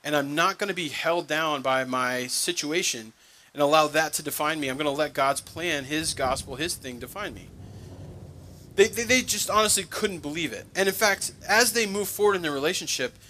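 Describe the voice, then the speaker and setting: A man preaching with a bright, forceful voice that sits a little high for a man. He reads scripture and slips into casual, acted-out paraphrases of the characters, keeping his preaching conversational. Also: moderate pace. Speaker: pastor. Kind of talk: sermon.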